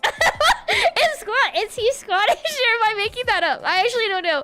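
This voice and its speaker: A woman's voice: very high-pitched, lively intonation, moderate pace, loud music behind the voice. A woman streamer chatting casually with her viewers, bubbly and giggly, slipping in playful meows. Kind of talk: casual livestream chat greeting viewers.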